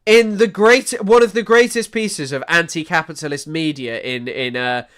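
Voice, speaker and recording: A young man doing casual live-stream commentary, animated and sweary, often trailing off into mumbles. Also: fairly high pitch, moderate pace, clear, resonant tone. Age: young adult. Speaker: streamer reacting to news clips.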